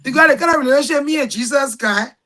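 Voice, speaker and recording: A middle-aged woman with a Liberian accent, a guest telling animated stories in casual talk and raising her voice for the people she quotes. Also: high voice, fast, poor audio. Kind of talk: casual storytelling.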